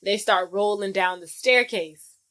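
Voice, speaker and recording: A woman co-hosting a podcast, casually retelling a film's plot in slang-filled, animated chat. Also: mid-range voice, unhurried. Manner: animated storytelling with acted-out quotes. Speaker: podcast co-host. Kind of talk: casual movie recap chat.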